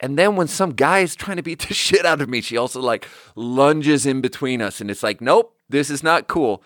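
A man's voice: mid-range voice, fairly quick, no echo, clean studio sound. A man casually telling a story as a podcast host, acting out the dialogue and rambling with lots of fillers. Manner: animated, acts out quoted dialogue. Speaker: podcast host and bar manager.

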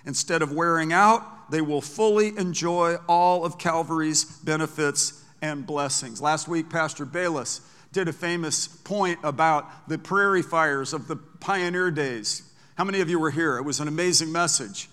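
A man's voice: fairly high pitch, moderate pace, a bit bright. A man preaching a sermon as pastor, emphatic, reading scripture aloud and repeating words for stress. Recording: long hall reverb.

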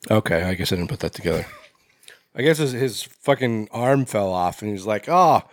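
Brief: young male podcast co-host, loose and profane, lively pitch, dry close sound. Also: a little fast, no echo. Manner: loose and swearing, animated rants. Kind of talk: casual chat.

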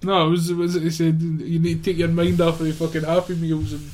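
A man's voice: fairly high pitch, level tone, fairly quick, a little mellow. A man co-hosting a podcast, adding brief, dry remarks in casual chat about a film. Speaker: podcast co-host.

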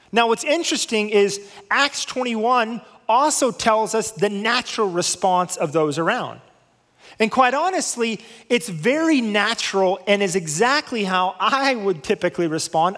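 High-voiced man preaching in a reverberant hall. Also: lively intonation, fairly bright tone. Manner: storytelling with dramatic slowdowns on key words. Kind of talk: sermon.

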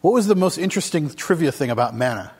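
A man's voice: fairly high pitch, animated, fast talker, darkish tone, breathy edge. Man preaching casually in a reverberant hall. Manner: conversational, asks the congregation questions. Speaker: pastor. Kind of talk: casual sermon.

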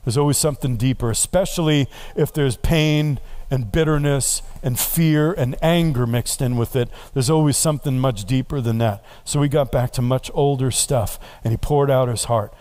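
A man preaching, a pastor telling a story in a relaxed, conversational way and building to earnest prayer. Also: medium pitch, normal speed, few pauses. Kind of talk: sermon.

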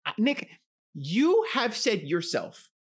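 Expressive man riffing in podcast chat. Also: high voice, slow, breathy edge. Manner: expressive, jokey, agreeable backchannels. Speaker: podcast co-host. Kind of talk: casual movie chat.

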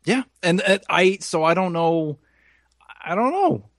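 A man with a slightly raised pitch rambles through a casual podcast chat, swearing freely and running himself down. The sound is dry and close, with no room around it. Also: lively intonation, measured pace, no room sound. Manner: rambling, profane, self-deprecating. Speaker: podcast co-host.

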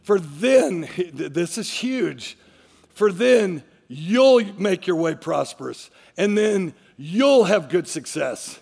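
A man preaching from the pulpit in an unusually high, heavily gravelly voice. He drives each point home with emphatic repetition. His sermon carries a long reverb from the church hall around him. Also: sing-song, slow, darkish tone. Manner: emphatic preaching with repeated phrases. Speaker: pastor.

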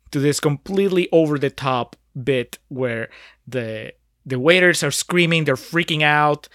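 A man co-hosting a podcast, analyzing a film in casual chat, halting and restarting as he thinks. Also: mid-range voice, a bit bright, no echo, studio quality. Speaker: podcast co-host.

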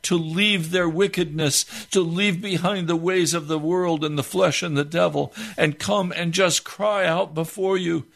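A man praying aloud, pleading and heavy-hearted in a slow, impassioned spoken prayer. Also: a little high, fairly even intonation, gravelly, fairly bright tone.

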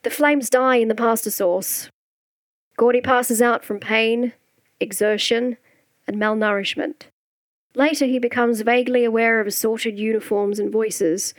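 A woman reading a short story aloud in a measured, dramatic way. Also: on the high side, fairly even intonation, dry recording, studio quality. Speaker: reader.

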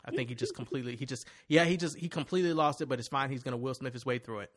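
A man's voice: mid-range voice, racing, a bit bright. A man hosting a casual chat, ranting animatedly and swearing freely.

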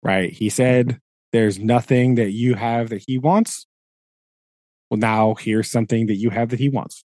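A man co-hosting a podcast, casually retelling a book chapter in an animated way, acting out the characters' lines with lots of filler words. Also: mid-range voice, measured pace, no echo. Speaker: podcast co-host.

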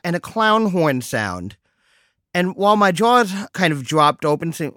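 A middle-aged man hosts his podcast alone, telling stories with wry, deadpan humor and mock exasperation. His voice sits a bit high for a man. The recording is dry and close, with no room sound. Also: unhurried, dry recording. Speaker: podcast host. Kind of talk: solo podcast monologue.

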